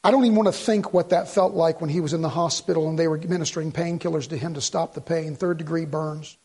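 A middle-aged pastor preaching a sermon in a church sanctuary. His voice sits fairly high for a man. He tells the story as he goes, slips into the voices of its characters, and often repeats or restarts his words. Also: steady tone, fast, darkish tone, slightly rough.

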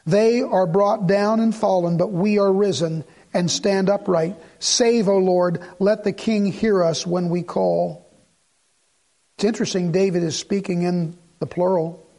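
A man with a high voice preaches a sermon. He talks to the congregation in a conversational way and poses rhetorical questions. Now and then he sinks to a quiet, low voice for emphasis. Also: steady tone, measured pace, vocal fry. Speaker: pastor.

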